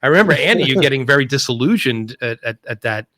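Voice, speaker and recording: A man's voice: medium pitch, animated, fast talker, fairly bright tone, no echo. A man in casual podcast chat, chatty and rambling, often repeating words.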